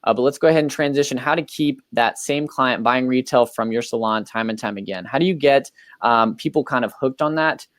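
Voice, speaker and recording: A man's voice: mid-range voice, fairly quick, a bit bright, dry recording. A man hosting a business talk show, upbeat and loose, with lots of fillers. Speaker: podcast host.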